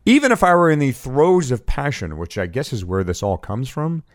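A man's voice: mid-range voice, very animated, moderate pace, no room sound, studio quality. A man hosting a podcast in a casual chat, wry and joking. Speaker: podcast host.

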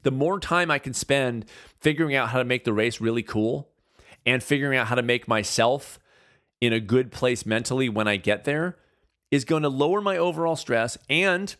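A man's voice: mid-range voice, fairly bright tone. Male host, casual motivational monologue, earnest, repetitive, stop-start phrasing. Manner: earnest, conversational, repeats phrases for emphasis; restarts and stammers mid-thought.

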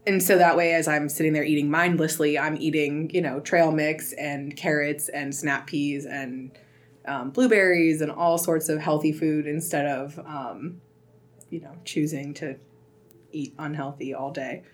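Chatty low-voiced woman guest. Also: steady tone, unhurried. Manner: rambling, many "like" fillers. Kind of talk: casual chat.

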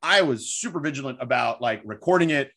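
A man's voice: medium pitch, brisk. A man in his forties, a sports broadcaster, telling stories in a casual, rambling interview with lots of fillers. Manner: animated, rambling storyteller with frequent fillers.

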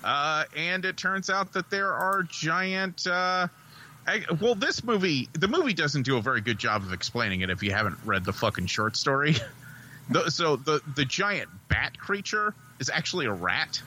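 A man co-hosting a podcast, reviewing a movie in a rambling, profane, excitable way. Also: fairly high pitch, moderate pace, slight background noise, poor audio. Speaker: podcast co-host. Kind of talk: casual movie review chat.

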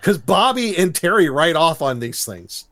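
A man's voice: on the high side, big pitch swings, moderate pace, fairly bright tone. A man chatting casually on a podcast, retelling a cartoon episode with laughs and silly quoted voices. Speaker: podcast co-host recapping a cartoon. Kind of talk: casual chat.

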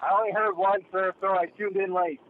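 A male radio caller who speaks hesitantly and quietly over the phone. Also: high voice, little pitch movement, brisk, dry recording, narrow, tinny audio. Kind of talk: phone call-in chat. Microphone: telephone.

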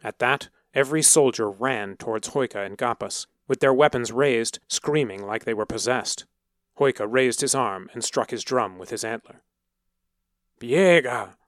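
A man narrating a story in a measured, dramatic way. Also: mid-range voice, no echo, clean studio sound. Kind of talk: scripted narration.

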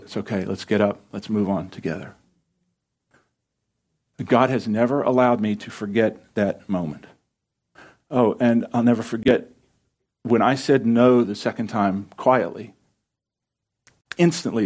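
A middle-aged man, a pastor, telling a personal story in a sermon in an earnest, conversational way, often dropping soft and quiet. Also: lowish voice.

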